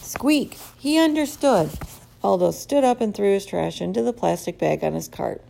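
A woman narrating a children's story in a lively, expressive storybook reading. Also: mid-range voice, normal speed, gravelly, slight background noise.

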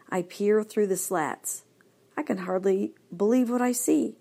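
Lively woman reading a children's story. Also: medium pitch, unhurried, gravelly. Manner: lively, expressive. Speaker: audiobook narrator. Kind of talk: scripted storybook narration.

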